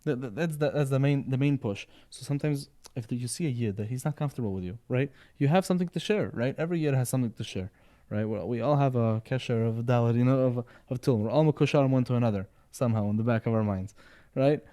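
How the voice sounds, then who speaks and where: A man's voice: mid-range voice, fast talker, hardly any pauses, dark tone. A man in casual podcast conversation, rambling and repeating words, often checking in with "right?" and "you know". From Sephardi background.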